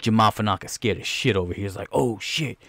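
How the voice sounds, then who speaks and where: A man hosting a podcast, reacting casually to a movie trailer in a rambling, excitable, profane way. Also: fairly low pitch, racing, dry recording, faint music behind. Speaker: podcast host.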